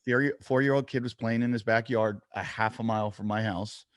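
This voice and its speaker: A man co-hosting a podcast, chatting casually and telling animated stories, acting out what people said. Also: on the low side, fairly quick, no room sound, clean studio sound. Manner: animated storyteller, acts out quotes. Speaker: podcast co-host. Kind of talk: casual chat.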